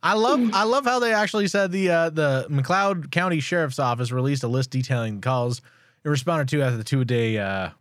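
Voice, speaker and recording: A podcast co-host in casual chat, giggly and animated when telling a story, and quick to poke fun at themself. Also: mid-range voice, dry recording.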